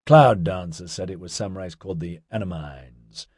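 A man voicing a laid-back, chatty young man who talks in hippie slang with an excitable drawl. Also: deep voice, normal speed, husky, no echo, studio quality. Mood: rambling.

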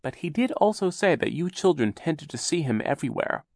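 A man's voice: a little high, sing-song, fairly quick, gravelly, dry recording, studio quality, voice pushed up, heavily acted. A man voicing a fussy, nervous older aunt who fixates on grammar, prim and fretful.

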